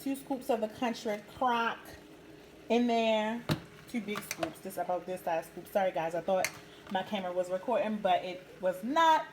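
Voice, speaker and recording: A woman's voice: mid-range voice, animated, moderate pace. Woman, home cook vlogger, casual tutorial tone, noisy kitchen sound. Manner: chatty, talks to viewers as "guys".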